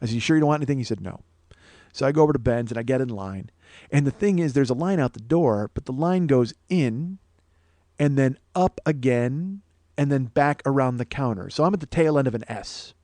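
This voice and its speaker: A man's voice: medium pitch, lively intonation, brisk, mellow, no room sound. A man in his forties, a comedian and podcast host, telling a profane story in a casual monologue and acting out the quoted dialogue. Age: 40s.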